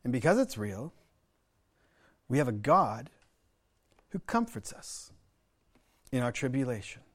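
A man's voice: mid-range voice, very animated, measured pace, husky. A middle-aged American man preaching a sermon, telling personal stories in an earnest way, often restarting and repeating words. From United States. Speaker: pastor.

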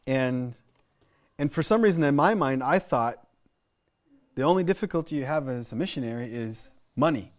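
A middle-aged man from the United States delivers a sermon in a storytelling way. His pitch sits in the ordinary middle range for a man. He talks earnestly and keeps restarting his phrases and repeating words. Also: lively intonation, moderate pace. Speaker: pastor.

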